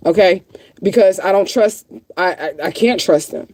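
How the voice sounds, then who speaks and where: Speaking at a normal speed with a slightly mellow, mid-range voice, this woman vents emotionally on a livestream. She's close to crying, swears a lot, speaks bluntly and says things over again to drive them home.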